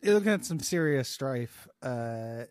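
A man in a relaxed, goofy podcast chat, talking at a middle pitch that swings up and down a lot. He rambles through fillers and laughs along. The recording is close and dry. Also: a little slow, no room sound. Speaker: podcast co-host. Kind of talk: casual chat.

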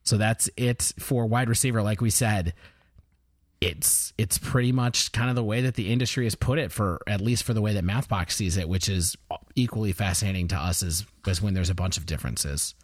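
A man's voice: on the low side, brisk, no echo, studio quality. A man co-hosting a fantasy football podcast, joking and bantering in casual chat. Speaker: podcast co-host.

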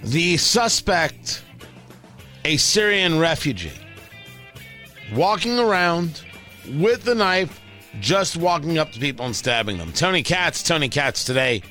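A man's voice: fairly high pitch, animated, a little slow, long pauses, pushed and bright, faint music behind. A man hosting a talk radio show, delivering a blunt, opinionated monologue with sarcastic asides from a studio mic.

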